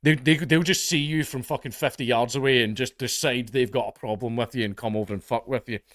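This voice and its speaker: A man's voice: mid-range voice, fairly even intonation, a little fast, fairly bright tone, no echo. A Scottish man hosting comedic news commentary, blunt, profane and exasperated. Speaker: online commentary host.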